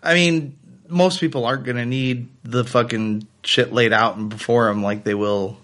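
A man's voice: medium pitch, fairly even intonation, moderate pace, a bit bright. A man chatting casually on a podcast, joking and swearing. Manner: joking, profane.

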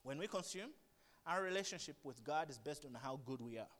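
A man preaching a sermon, animated, swinging from hushed asides to loud emphatic bursts. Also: on the high side, brisk. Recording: long reverb of a large hall.

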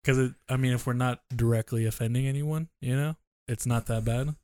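A man's voice: medium pitch, fairly even intonation, brisk, a little mellow, dry recording, studio quality. A man co-hosting a podcast, chatting casually in a laid-back, joking way. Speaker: podcast co-host.

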